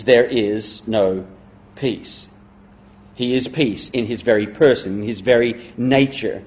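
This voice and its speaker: A middle-aged male pastor preaching a sermon, emphatic, slowing and dropping to a hush on key words. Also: mid-range voice.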